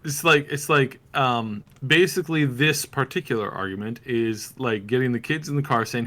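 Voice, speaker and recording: A man's voice: medium pitch, normal speed, hardly any pauses, pushed and bright. A man co-hosting a gaming podcast, ranting sarcastically and sounding exasperated in casual chat. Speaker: podcast co-host.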